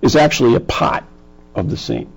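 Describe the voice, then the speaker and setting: A man's voice: mid-range voice, normal speed, husky, low-quality recording. A man with a New England accent hosting a casual podcast, rambling through explanations and tripping over words. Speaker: podcast host.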